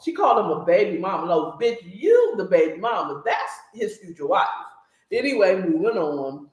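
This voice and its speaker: With a mid-range voice and moderate pace, this woman recaps a book in a casual, animated way. She addresses listeners directly, never holding back her blunt opinions, and her audio has a roomy echo.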